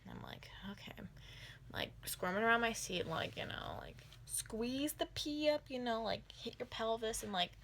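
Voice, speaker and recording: A woman's voice: a little high, moderate pace, slight background noise. A woman telling an embarrassing story in a casual storytime vlog, rambling with lots of filler words. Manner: rambling, filler-heavy, animated retelling.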